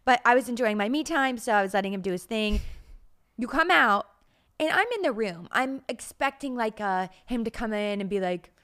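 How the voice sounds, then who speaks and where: In a relaxed podcast chat, this young woman co-host spins stories, performing the quotes herself and breaking into frequent laughter. She speaks at a moderate pace in a smooth, animated voice that sits on the high side and sounds fairly bright.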